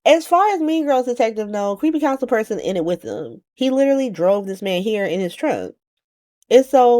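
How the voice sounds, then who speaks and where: A woman giving a casual, slangy comedic recap of a soap opera, acting out the characters in quick voices. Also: medium pitch, sing-song, darkish tone.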